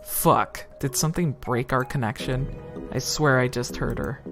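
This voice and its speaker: A woman's voice: extremely low pitch, moderate pace, over music. A young woman streaming a game live, reading its lines aloud and chatting casually with some swearing. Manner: casual and profane, thinking aloud.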